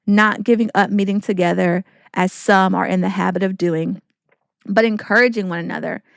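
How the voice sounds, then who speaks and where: A woman's voice: mid-range voice, fairly even intonation, moderate pace, vocal fry, no echo, studio quality. A woman hosting a faith-based podcast, talking in an earnest, encouraging way with preacherly repetition. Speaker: podcast host.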